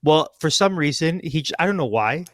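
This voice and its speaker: Joking podcast host, fairly high voice. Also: male voice, animated, fairly quick, fairly bright tone, dry recording, clean studio sound. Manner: joking, mocking, restarts sentences. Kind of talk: casual political banter.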